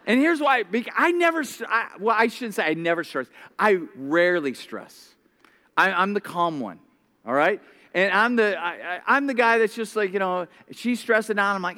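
A man preaching a sermon as a pastor, telling stories with lively acted-out voices and often repeating words as he starts sentences. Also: high-pitched, moderate pace. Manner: animated storytelling, acting out voices.

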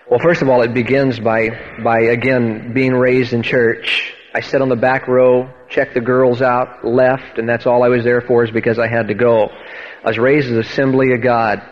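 With a mid-range voice and level tone, a man speaks a little fast as he preaches and tells his testimony in a church hall. He's earnest and emphatic, often restarting words, and the sound is dull, echoey, and radio-like.

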